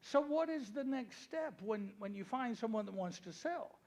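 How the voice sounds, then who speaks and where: Male seminar speaker, very high voice, gravelly, animated storyteller before a crowd. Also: moderate pace. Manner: animated storyteller acting out dialogue. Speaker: real estate investing seminar speaker. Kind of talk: storytelling talk to a live audience.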